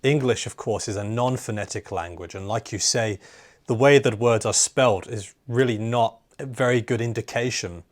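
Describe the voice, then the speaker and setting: A fairly low-pitched man hosts a conversational interview at normal speed, keeping it chatty and casual and sprinkling in plenty of "like" and "you know."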